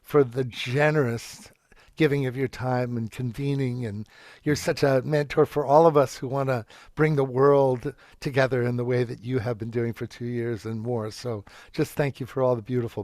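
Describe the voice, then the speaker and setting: A man speaks with earnest affection and spiritual turns of phrase, his voice mid-pitched. The audio is dry, like a video call. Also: steady tone, moderate pace, a little mellow, no echo. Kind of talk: casual chat.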